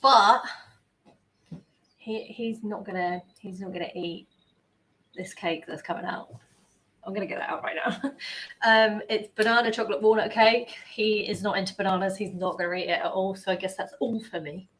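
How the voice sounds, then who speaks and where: A young woman livestreams her baking from a home kitchen, chatting with viewers in an excitable, sweary way and often straying from the mic. Her voice is medium-pitched at normal speed, and the kitchen sounds echoey with faint ambience.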